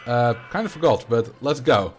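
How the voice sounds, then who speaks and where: A man's voice: mid-range voice, animated, normal speed, soft background music. A man with a Dutch accent chatting casually as a streamer while playing a game, rambling and answering viewer questions.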